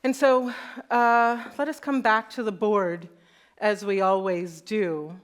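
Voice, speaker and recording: Host, female, unhurried playful delivery, chatting with a live audience. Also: mid-range voice, fairly even intonation, smooth. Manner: playful, laughing, with many fillers. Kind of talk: casual live talk to an audience. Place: live event hall.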